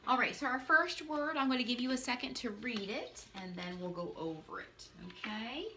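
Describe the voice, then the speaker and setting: A woman teacher giving a phonics lesson for young children from her living room, in an animated, sing-song way with playful asides. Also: a little high, normal speed, slight background noise. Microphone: camera on a stand.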